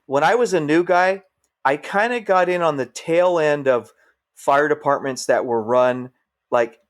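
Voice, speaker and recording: A man's voice: a little high, unhurried. A middle-aged man, a firefighter guest on a podcast, telling stories casually and acting out what people said. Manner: animated storyteller, acts out quoted voices. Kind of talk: casual storytelling.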